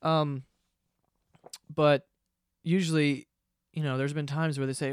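A man's voice: a little high, little pitch movement, slow, pauses often, smooth, no echo, studio quality. Profane rambling New man. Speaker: podcast host. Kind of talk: casual comedic monologue.

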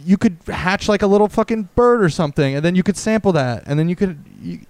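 A man in his thirties co-hosting a casual podcast, rambling and joking with a lot of swearing and animated bursts. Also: sits high, quick pace, no echo. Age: 30s. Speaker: podcast co-host. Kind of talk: casual chat.

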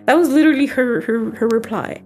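A young woman, co-hosting a podcast, chats in a casual, loose way with many fillers and restarts. Her voice is a little high with a darkish tone and moves fairly quickly, with faint music behind it.

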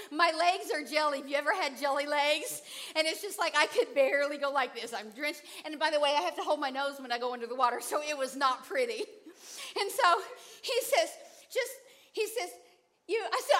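A middle-aged woman preaching a sermon with a high, bright and lively voice. She tells a personal story with animation, acting out her own fright and her husband's unruffled answers, and she lets the pace run fast and then slow.

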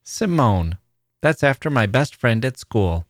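A man voicing a bright, polite little girl with an eager, chattering way of talking. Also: medium pitch, big pitch swings, measured pace, dry recording, studio quality. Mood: earnest.

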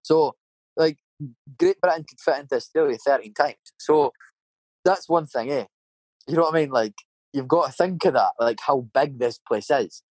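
A middle-aged Scottish man with a Scottish accent rambles through casual anecdotes packed with swearing and tag questions. His voice is mid-range and moderately paced, recorded with no echo.

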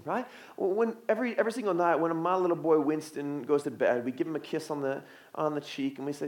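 High-voiced preaching man, echoey. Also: fairly quick. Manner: swings from soft and hushed to loud and urgent; repeats words and restarts phrases. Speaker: pastor. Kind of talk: sermon.

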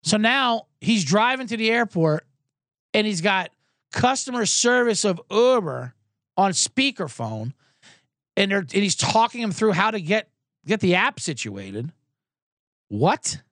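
Male podcast host, high lively voice, sarcastic profane rants, dry close sound. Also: measured pace, no room sound. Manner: sarcastic, profane, storytelling with acted-out quotes. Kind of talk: comedic rant.

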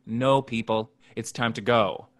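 A man's voice: medium pitch, steady tone, unhurried, fairly bright tone. A man co-hosting a podcast, recapping a horror film in playful casual chat, acting out characters and dropping in Spanish phrases. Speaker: podcast co-host.

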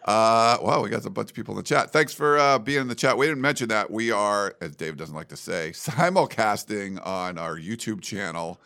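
A man's voice: fairly low pitch, lively intonation, moderate pace, vocal fry, few pauses, bright, forceful tone, clear, resonant tone. A man co-hosting a podcast in a studio, in casual, rambling chat full of fillers. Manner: rambling, laid-back, lots of fillers. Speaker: podcast co-host.

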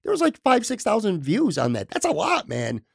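A man hosting a podcast in casual chat, talking with a voice going hoarse after being sick. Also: sits high, huge pitch swings, moderate pace, dry recording, studio quality. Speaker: podcast host.

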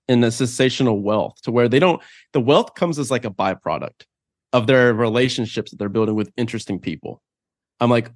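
A man's voice: mid-range voice, animated, a little fast, no echo, clean studio sound. A man speaking as a guest on a podcast interview, talking casually and rambling, with lots of fillers as he thinks aloud.

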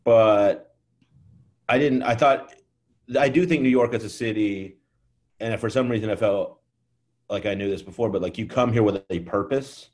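A chatty comedian from Texas in his thirties, talking casually with stammering restarts and self-mocking jokes. His voice sits a little low. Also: normal speed, long pauses, darkish tone. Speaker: comedian, podcast guest. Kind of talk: casual chat.

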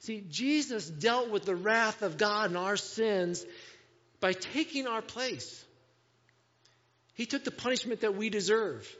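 A high-voiced male pastor delivers a sermon slowly and emphatically, firing off rhetorical questions and swinging from a hush to sudden loud bursts. A long church-hall reverb rings around him, and the recording is dull and lo-fi.

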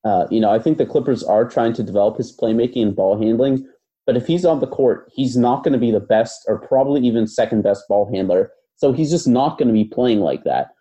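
A man's voice: medium pitch, a little fast, warm tone, muffled recording. A man co-hosting a basketball podcast, talking through his views in a casual, thoughtful way with many fillers and hedges. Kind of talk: casual analytical chat.

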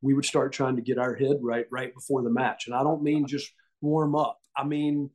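With a medium-pitched voice at a moderate pace, the middle-aged Southern US man shares casual stories as a podcast guest and former wrestler. He's lively throughout, laughing frequently and acting out what people said.

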